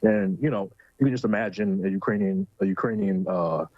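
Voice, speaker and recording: Low, husky, hesitant-talking man. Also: brisk, no room sound, muffled recording. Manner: hesitant, lots of fillers. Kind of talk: casual political talk show chat.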